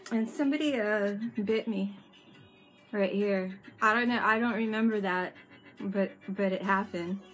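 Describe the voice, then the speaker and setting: Playful, unhurried woman streaming live. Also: mid-range voice, fairly bright tone, faint music behind. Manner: playful and teasing, laughs often. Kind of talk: casual live stream chat. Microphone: webcam mic with fisheye lens.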